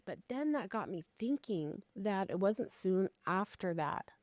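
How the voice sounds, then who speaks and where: A woman in her fifties, co-hosting a podcast, telling a personal ghost story in an animated, casual way with frequent swearing. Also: medium pitch, unhurried, no room sound. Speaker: podcast co-host.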